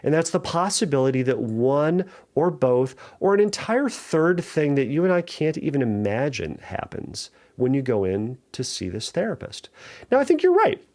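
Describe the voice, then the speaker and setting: A man's voice: medium pitch, animated, moderate pace, hardly any pauses, a little mellow. A middle-aged man, a therapist hosting a podcast, giving earnest, reassuring advice and thinking aloud with small restarts. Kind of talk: solo podcast advice talk.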